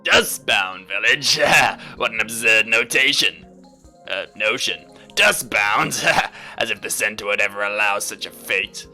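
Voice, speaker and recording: A man voicing an overly cheerful, formal male villager, reading game dialogue in a loud, slow, pompous way with hearty laughs. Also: lowish voice, soft background music.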